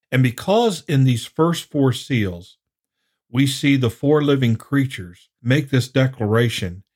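A man teaching through scripture in a sermon-style Bible study, his voice sitting at an ordinary middle pitch. He explains in a measured, deliberate way and reads passages aloud. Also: a little mellow.

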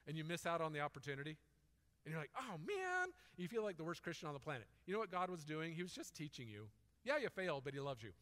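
A man's voice: fairly high pitch, animated, very fast, fairly bright tone, long reverb tail. A man preaching a sermon in a conversational, storytelling way. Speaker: pastor.

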